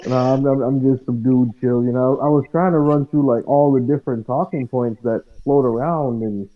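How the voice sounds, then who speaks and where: A man's voice: mid-range voice, fairly even intonation, moderate pace. Stammering man on a tinny line. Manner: hesitant, stammering. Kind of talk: casual chat.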